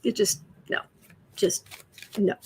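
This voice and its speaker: A woman hosting a casual tarot livestream from home, chatty, often dropping to soft whispers. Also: slow pace, slight background noise. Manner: chatty, soothing her cat in soft whispers between remarks. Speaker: astrology and tarot livestream host. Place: home room.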